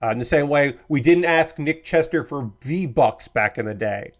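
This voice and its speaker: A man hosts a livestream in casual chat, rambling and hedging, easygoing and apologetic, with the occasional swear word. His medium-pitched voice is animated and moves at a normal speed.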